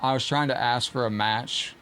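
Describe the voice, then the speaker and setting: A man talks through a live fighting-game stream in a loose, chatty way, reacting to the match and greeting viewers by name. His voice sits at an ordinary middle pitch, with faint game music under him. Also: fairly even intonation, moderate pace, pushed and bright, clean tone. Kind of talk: live gameplay commentary and chat.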